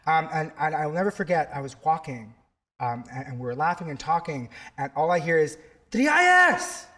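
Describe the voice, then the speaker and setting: A man's voice: fairly high pitch, brisk. A man from South Texas, a theatre teacher, telling a story in an interview with many fillers and restarts.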